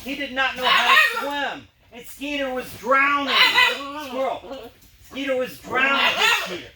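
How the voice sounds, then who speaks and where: A man's voice: extremely high pitch, animated, unhurried. A man performing a dog trick show, telling a rambling story and breaking off to cue his dogs. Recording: roomy, distant mic, background noise.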